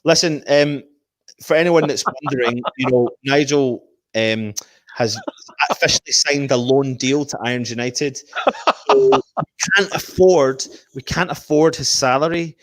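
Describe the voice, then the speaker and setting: A man's voice: mid-range voice, normal speed, no room sound, studio quality. A man hosting a casual fan live stream, reading viewer comments and making match predictions. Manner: animated, reads out viewer comments.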